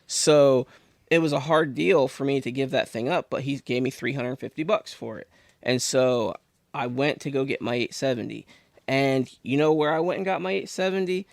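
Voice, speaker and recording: Podcast guest, male, from Pennsylvania, gravelly, chatty storyteller, dry sound. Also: medium pitch, moderate pace, dry recording. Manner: rambling, animated storyteller with many restarts. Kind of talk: casual storytelling.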